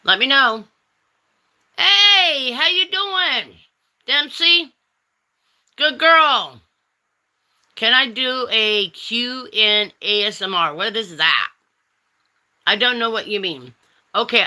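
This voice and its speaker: A woman's voice: fairly high pitch, lively intonation, takes it slowly, long pauses, sharp tone. A woman hosting a casual livestream, reading chat and teasing viewers with pet names like honey and darling.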